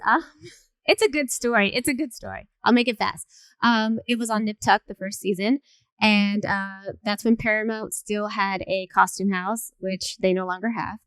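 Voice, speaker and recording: A woman moderating a panel who tells stories in a chatty, lively way with many fillers. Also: medium pitch, clear, resonant tone, no echo. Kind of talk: panel storytelling.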